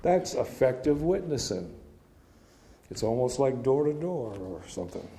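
A man's voice: mid-range voice, big pitch swings, measured pace, dark tone, slight background noise. Man teaching scripture casually. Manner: reads scripture aloud then explains it in a casual, storytelling way. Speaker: Bible teacher. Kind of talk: informal Bible teaching.

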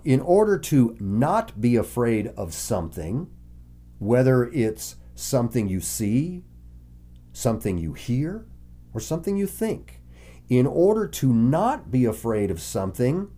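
A man preaching a Bible lesson, reading scripture aloud and explaining it in a conversational, animated way. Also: a little slow. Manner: animated, voices the characters with sudden pitch jumps. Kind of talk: Bible teaching sermon.

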